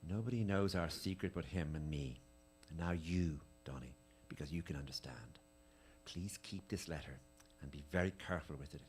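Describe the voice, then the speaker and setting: A man giving a dramatic reading of letters at a live tribute event, with an intimate, measured, lingering delivery. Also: a bass voice, darkish tone, a little hiss or hum.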